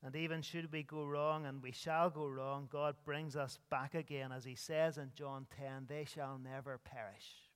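A man's voice: medium pitch, level tone, moderate pace, few pauses, clean tone, big-room sound. A man preaching an earnest sermon as pastor, his voice rising and dropping with emphasis. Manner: earnest preaching with sweeping rises and drops.

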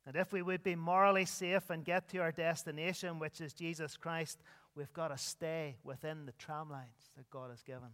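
A man preaches an earnest sermon in a church, his voice swelling and falling for emphasis. His voice sits high and sounds smooth and resonant. A long reverb from the hall trails each phrase. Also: fairly even intonation, moderate pace, a bit bright. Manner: earnest preaching with sweeping rises and drops. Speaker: pastor.

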